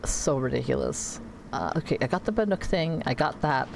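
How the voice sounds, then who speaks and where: A woman's voice: sits low, animated, fairly quick, background noise. A woman streamer chatting casually and rambling about her day while she plays a game at home. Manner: rambling, chatty, self-correcting. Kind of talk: casual gameplay chat. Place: home computer room.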